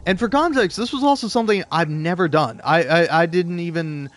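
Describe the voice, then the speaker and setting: Young guy rambling a work story over gameplay, kinda high voice, keeps restarting and cussing. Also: fairly quick, no room sound. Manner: rambling, stammering restarts, casual swearing. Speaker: gaming video host. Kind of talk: storytelling while playing a game.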